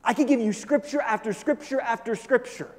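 A man preaching a sermon, animated, swinging between loud emphasis and hushed asides. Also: extremely high pitch, fairly quick, big-room sound. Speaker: pastor.

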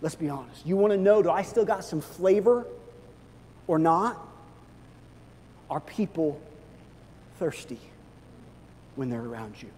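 A man preaching a sermon as pastor, animated and swinging from hushed to loud. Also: a little high, measured pace, long pauses, slight background noise. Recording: long reverb of a large hall.

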